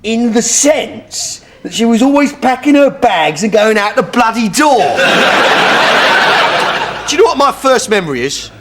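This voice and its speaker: Blustering English pub landlord, loud noise. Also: male voice, very high-pitched, big pitch swings, unhurried. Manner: blustering, shouting in outbursts. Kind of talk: sitcom acting. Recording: sitcom audio with loud background noise and audience laughter.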